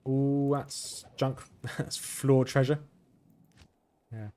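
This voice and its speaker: Flat-voiced man rambling over gameplay. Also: medium pitch, extremely slow, slight background noise. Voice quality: flat, monotone delivery. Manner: rambling, self-correcting, chuckles to himself. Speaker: gaming video host. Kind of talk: casual gameplay commentary.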